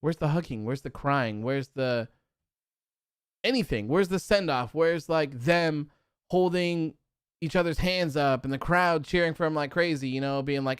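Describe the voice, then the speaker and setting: A man's voice: a little high, a little slow, pauses often, clear, resonant tone, no echo, studio quality. A man hosting a live stream, talking casually and full of fillers, reading chat comments and building into exasperated rants. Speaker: host of a wrestling post-show live stream.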